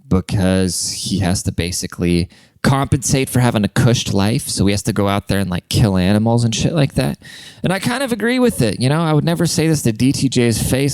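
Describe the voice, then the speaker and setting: Man, podcast host, casual comedic storytelling, swears a lot, rambling, smooth voice, dry close sound. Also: on the low side, a little mellow, no room sound. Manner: profane, rambling storyteller who laughs at his own jokes.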